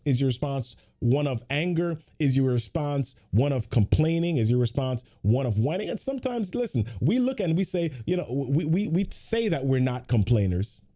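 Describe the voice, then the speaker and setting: A man's voice: mid-range voice, mellow. A man hosting a weekly motivational livestream, giving a pep talk full of repeated rhetorical questions and chatty greetings to viewers.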